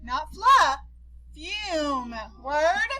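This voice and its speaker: A woman teacher leading a slow, deliberate phonics drill with her class, giving short sounding-out prompts. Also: high-pitched, big pitch swings, pushed and bright, poor audio.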